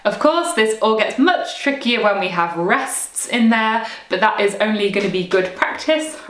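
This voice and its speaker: A woman teaching recorder practice tips in a clear, encouraging way, sometimes singing rhythms aloud. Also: fairly high pitch, roomy sound.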